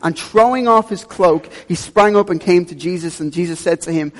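A young man preaches as a guest in a church, earnest and fond of repeating his main phrases. His voice sits on the high side for a man, and the sound carries a long hall reverb. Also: moderate pace. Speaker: youth pastor, guest preacher. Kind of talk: sermon.

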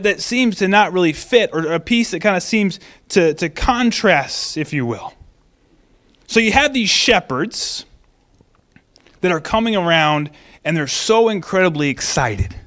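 A male pastor with a high voice gives a relaxed, animated sermon. He reads scripture, prays, and talks through the story conversationally, often restarting his phrases. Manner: casual, animated teaching with restarts.

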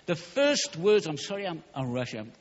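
Male preacher, husky voice, emphatic and rushed, dull hall recording. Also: on the high side, very animated. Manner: fervent, emphatic, rushing with stumbles. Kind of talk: sermon.

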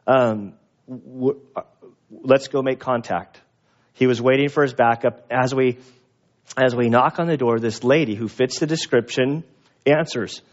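A man preaching a conversational sermon, telling a story and acting out the voices in it. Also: unhurried. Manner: animated storyteller, acts out dialogue with a raised pitch. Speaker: pastor and police chaplain. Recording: dull lo-fi recording.

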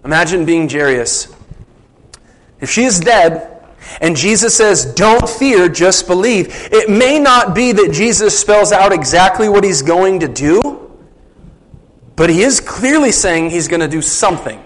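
High-voiced man preaching conversationally. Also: expressive, measured pace, low-quality recording. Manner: conversational preaching with rhetorical questions. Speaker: pastor. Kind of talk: sermon.

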